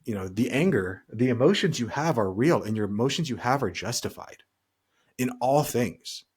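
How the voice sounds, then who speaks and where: Husky-voiced man co-hosting a podcast. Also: medium pitch, lively intonation, moderate pace, a little mellow. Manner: rambling, talks through hypothetical scenarios. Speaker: podcast co-host. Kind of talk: casual podcast chat.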